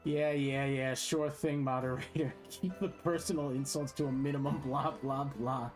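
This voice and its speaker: A man's voice: medium pitch, steady tone, moderate pace, faint music behind, natural voice. A man voicing a sleazy, sweaty, wheezing male political candidate who heckles his rivals in a brash, dismissive way.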